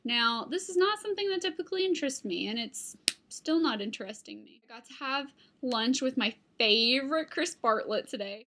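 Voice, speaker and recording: This young woman's expressive, high-sitting voice is a bit bright and comes at a normal speed, with a little hiss or hum in the recording. She's a vlogger rambling casually to her computer webcam at home, chatting to her dog too.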